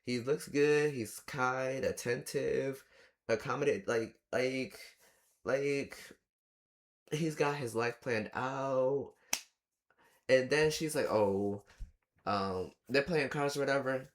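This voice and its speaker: A man's voice: mid-range voice, takes it slowly. A man giving casual reaction commentary on a film, ranting in an exasperated, chatty way with plenty of rhetorical questions and fillers. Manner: loose and chatty with many fillers. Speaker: movie reviewer.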